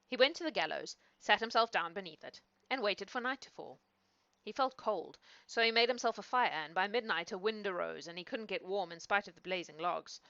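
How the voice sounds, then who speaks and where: A woman reading a fairy tale aloud in a lively, expressive way. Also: mid-range voice, a little fast, no room sound. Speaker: storyteller. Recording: dull, dry lo-fi recording.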